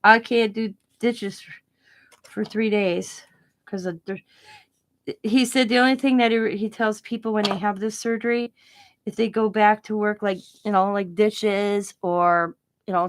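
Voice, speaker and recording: A woman's voice: mid-range voice, fairly even intonation, measured pace. A middle-aged woman, a craft channel host, telling a story in casual, chatty talk that rambles, restarts sentences and often breaks into giggles.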